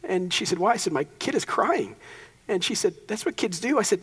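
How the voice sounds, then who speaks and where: A man's voice: high-pitched, lively intonation, fairly quick, fairly bright tone, husky, in a large hall. A young man preaching a sermon as pastor, casual and conversational, with joking asides.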